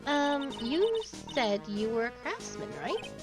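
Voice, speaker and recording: An earnest young lawyer, polite and a little flustered, read by a woman. The voice is high, and music plays clearly in the background. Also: sing-song, takes it slowly, full character voice.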